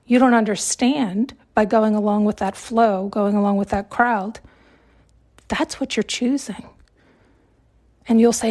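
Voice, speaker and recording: A woman's voice: medium pitch, fairly even intonation, unhurried, long pauses, darkish tone. A woman hosting a podcast and giving an emphatic self-help monologue, repeating herself and often checking in with "right?". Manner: emphatic, repetitive, frequent tag questions. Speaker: podcast host.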